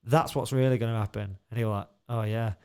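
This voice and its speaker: A man's voice: lowish voice, steady tone, fairly quick, darkish tone, clean tone. A man co-hosting a podcast in a studio, telling stories in a loose, laughing, swearing way. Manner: swears a lot, laughs, tells stories animatedly. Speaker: podcast co-host. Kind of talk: casual chat.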